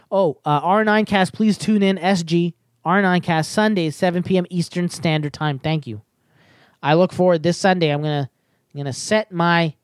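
Woman, podcast host, casual rambling chat, lowish voice, dry close sound. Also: no echo. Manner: rambling, with many fillers and restarts.

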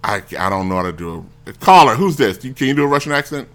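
Male talk show host, bright edge, rambles and restarts while telling stories. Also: medium pitch, very animated, fast. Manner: rambling, self-interrupting, acts out quoted voices. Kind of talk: casual storytelling on a talk show.

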